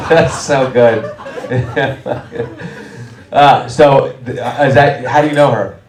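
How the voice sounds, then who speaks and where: A man doing stand-up crowd work, brash and teasing, firing quick jabs at audience members. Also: mid-range voice, steady tone. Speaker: stand-up comedian. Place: small comedy club. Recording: roomy club from a distance, crowd laughter. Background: audience laughing.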